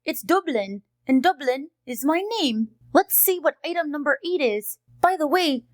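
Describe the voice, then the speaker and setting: A woman's voice: high voice, no echo. A woman playing a sweet, chatty cartoonish dog host. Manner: sweet, chatty, teacherly, easily delighted. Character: cheerful friendly female dog host. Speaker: host of a kids' unboxing video. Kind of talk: kids' educational unboxing narration.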